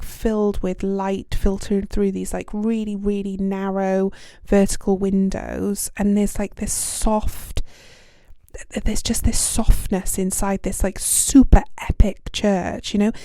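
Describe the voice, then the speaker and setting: A woman's voice: medium pitch, dark tone, no echo, clean studio sound. A young British woman hosting a podcast, talking in a casual, self-deprecating way with plenty of ums and likes. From United Kingdom. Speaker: podcast host. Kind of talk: casual reflective monologue.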